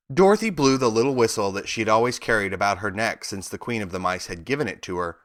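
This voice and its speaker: A man narrating a storybook audiobook in an expressive storytelling manner. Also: on the low side, fast, hardly any pauses.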